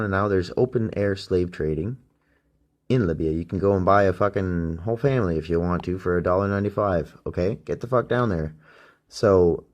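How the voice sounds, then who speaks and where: A man's voice: low voice, a little mellow. A man hosting a solo podcast, rambling and ranting with heavy swearing, recorded on a phone used as a microphone. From Canada. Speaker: podcast host.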